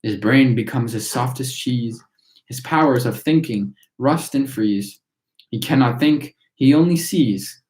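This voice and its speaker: A chorus of tiny storybook factory workers lecturing in rhyme, recited by a man. The verse rolls in a steady rhythm at a middle pitch. A roomy echo hangs around the voice. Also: unhurried, close to an everyday voice. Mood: preachy.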